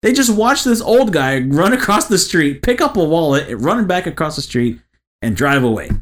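A man co-hosting a casual podcast, telling a crude, lively family story full of swearing. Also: fairly high pitch, normal speed. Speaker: podcast co-host.

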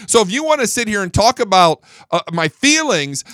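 A man's voice: sits high, very animated, moderate pace, hardly any pauses, a bit bright, dry recording, studio quality. A middle-aged man giving a blunt, heated monologue as a podcast host, often stumbling and restarting as he vents. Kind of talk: casual monologue.

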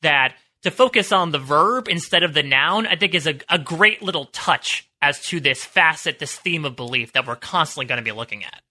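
A man's voice: fairly high pitch, lively intonation, moderate pace, hardly any pauses, sharp tone. A man co-hosting a TV recap podcast, thoughtful and hedging, often restarting his sentences. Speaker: podcast co-host. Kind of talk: casual TV recap analysis.

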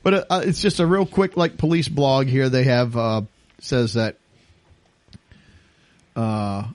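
A man's voice: mid-range voice, fairly even intonation, unhurried, a little mellow. A middle-aged man hosting a casual podcast chat, joking and laughing easily. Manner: jokey, laughs easily, puts on silly pirate voices. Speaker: podcast host.

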